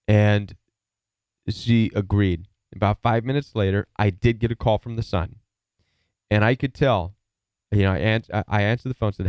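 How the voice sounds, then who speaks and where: A man's voice: fairly low pitch, normal speed, darkish tone, smooth, no echo. A man hosting a live stream, giving earnest, emphatic advice and telling stories in a casual way. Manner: emphatic, earnest, storytelling with repeated words. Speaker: live stream host, relationship advisor.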